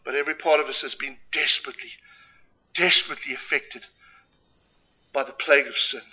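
A man preaching a sermon with impassioned, emphatic delivery and dramatic swings between loud and quiet. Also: fairly high pitch. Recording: dull lo-fi recording.

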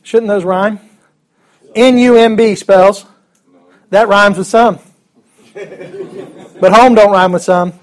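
A man's voice: high voice, steady tone, slow pace, pauses often. A man teaching a Bible class in a casual, joking way, chuckling often and restarting his sentences.

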